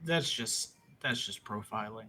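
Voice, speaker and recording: A man's voice: lowish voice, unhurried, bright, forceful tone, slight background noise. A man playing a tabletop game, chatting casually with wry jokes. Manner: joking, wry. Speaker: tabletop player.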